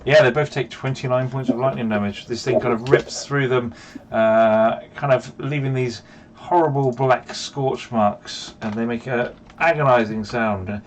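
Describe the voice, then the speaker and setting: A man's voice: medium pitch, a little hiss or hum. Playful man running a tabletop game. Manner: animated, quick narration with playful asides. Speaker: dungeon master. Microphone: video call.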